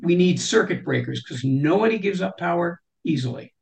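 A woman's voice: lowish voice, animated, moderate pace, vocal fry, darkish tone. A woman guest in a conversational interview, talking thoughtfully and often saying "you know".

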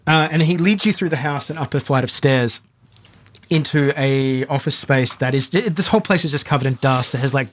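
Relaxed male game master narrating. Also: medium pitch, a little fast, slight background noise.

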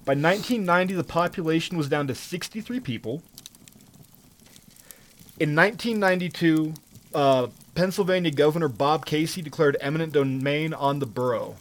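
Male podcast storyteller, slightly high voice, sarcastic, swears freely. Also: normal speed. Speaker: podcast co-host telling a story. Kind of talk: casual storytelling chat.

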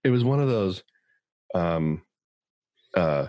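A man with a low voice hosts a casual podcast from California. He rambles good-naturedly, filling pauses with ums and uhs. The sound is dry and close. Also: lively intonation, no echo. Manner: rambling, joking, many fillers. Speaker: podcast host.

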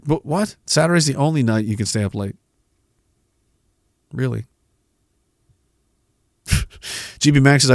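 A man's voice: mid-range voice, lively intonation, unhurried, pauses often, no room sound, studio quality. A man hosting a podcast, ranting in a sarcastic, mocking way and laughing at his own jokes. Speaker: podcast host. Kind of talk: casual ranting commentary.

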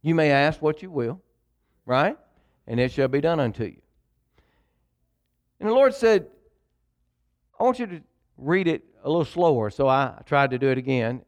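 Here a pastor delivers his sermon in a slightly high, animated voice at a moderate pace, pausing often, captured on lo-fi audio. Emphatic and repetitive, he urges the congregation to read along and trades call-and-response with them.

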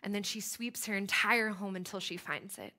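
A young American woman telling a personal story in a sermon, animated and chatty, with frequent fillers. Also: mid-range voice, normal speed. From United States. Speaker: speaker.

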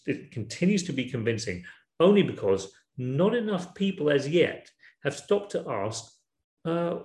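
Male preacher, measured and reflective, asks rhetorical questions, reverberant room. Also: on the high side, big pitch swings, a little mellow. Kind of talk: sermon. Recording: echoey room.

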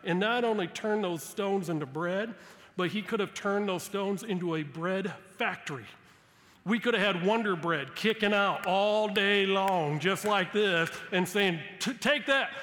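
Male pastor with a high voice, preaching expressively, with scripture quotes acted out; long hall echo. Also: a bit bright. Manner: preaching with dramatic read-aloud quotes and emphatic rises. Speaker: guest pastor. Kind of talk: sermon.

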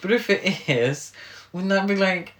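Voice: medium pitch, unhurried, fairly bright tone, slight background noise. A podcast co-host chatting casually about a film, hesitant and full of restarts. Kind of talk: casual film recap chat.

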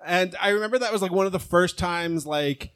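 A man chatting casually on a podcast, telling stories in a halting, rambling way with many fillers. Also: sits high, fairly bright tone, clean tone. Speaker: guest.

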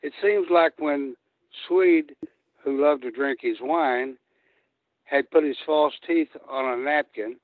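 The guest is an older retired wrestler whose fairly high voice moves slowly as he tells meandering stories and acts out what people said. The tinny phone line keeps the recording dry.

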